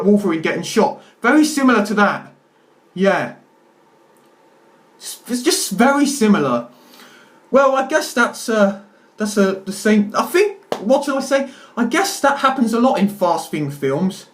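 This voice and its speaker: A young man rambling through a casual film review to camera at home, stammering and exaggerating for laughs. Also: high voice. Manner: rambling, self-interrupting, jokey exaggeration. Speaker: video reviewer.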